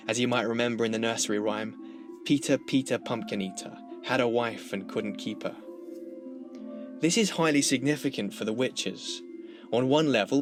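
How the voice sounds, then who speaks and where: A man narrating a scripted literature lesson in a measured, explanatory way. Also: medium pitch. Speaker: literature lecturer.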